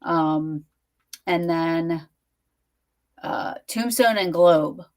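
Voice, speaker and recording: A woman's voice: sits low, extremely slow, a little mellow. A woman hosting a casual interview, chatty and full of fillers. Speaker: podcast host.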